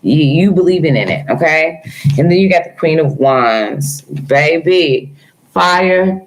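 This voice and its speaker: A woman's voice: deep voice, a little mellow, rough recording. A woman giving a casual live-stream tarot reading, speaking affectionately to her viewers with features. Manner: affectionate, calls viewers girl and honey. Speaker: tarot reader.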